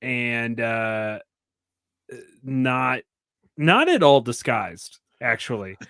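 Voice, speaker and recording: A man with a mid-pitched voice co-hosting a movie podcast. He drops deadpan jokes and murmurs agreement while the others talk, and the recording is dry and close. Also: drawn-out words, no echo. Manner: deadpan joker, agreeable backchannels. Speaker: podcast co-host. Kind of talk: casual movie-review chat.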